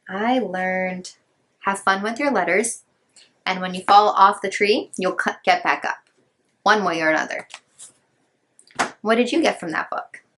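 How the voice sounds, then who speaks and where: Slow sing-song woman reading to kids. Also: mid-range voice, fairly bright tone, a little hiss or hum. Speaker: children's storyteller. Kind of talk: reading picture books aloud to young children.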